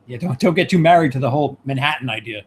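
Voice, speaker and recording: A man's voice: medium pitch, fast, slight background noise. A man co-hosting a casual chat, trading jokes and swearing while he laughs along. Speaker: co-host.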